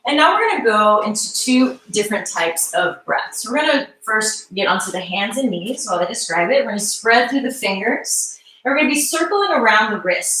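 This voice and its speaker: A woman leading a live mobility class, calmly guiding movements and breath cues. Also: medium pitch. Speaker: mobility instructor. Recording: echoey room, mic far off.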